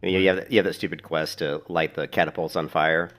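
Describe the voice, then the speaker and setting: A man's voice: rumbling low, level tone, quick pace, fairly bright tone. A man chatting casually while playing a game, rambling, laughing often and swearing now and then. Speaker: gaming streamer. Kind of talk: casual gameplay commentary.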